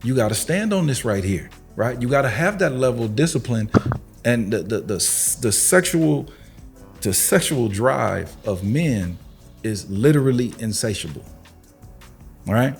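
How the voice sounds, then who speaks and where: A man's voice: medium pitch, animated, unhurried, vocal fry, soft background music. A man co-hosting a podcast, making emphatic, preachy points in casual chat. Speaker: podcast co-host.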